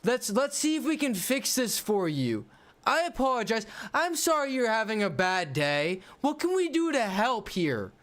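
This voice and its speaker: A man putting on a customer service worker who is sugary and apologetic to a fault. The voice is lifted well above his natural pitch. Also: very animated, moderate pace, a bit bright, heavily acted. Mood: courteous. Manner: exaggeratedly sweet and apologetic.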